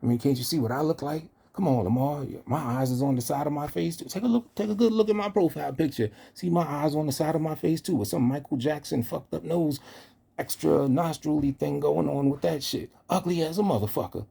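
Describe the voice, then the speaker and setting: A man's voice: brisk, gravelly, mellow, slightly rough. A man mocking a whiny self-pitying woman. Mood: mocking whine. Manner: mocking, exaggerated high falsetto.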